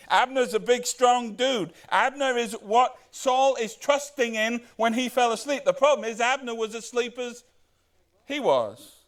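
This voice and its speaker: High-voiced man preaching conversationally. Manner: conversational, rhetorical questions, acts out quoted lines. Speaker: pastor. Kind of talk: sermon.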